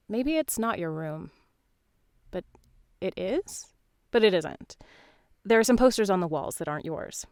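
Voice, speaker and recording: A woman narrating in second person, calm and measured, telling a dreamlike story. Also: medium pitch.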